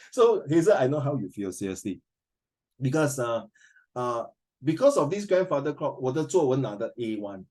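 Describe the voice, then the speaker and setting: A middle-aged man with a Singaporean English accent teaching a class, animated and emotional as he tells stories. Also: mid-range voice, brisk. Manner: animated, emotional, switches into Mandarin. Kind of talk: classroom lesson, emotional storytelling.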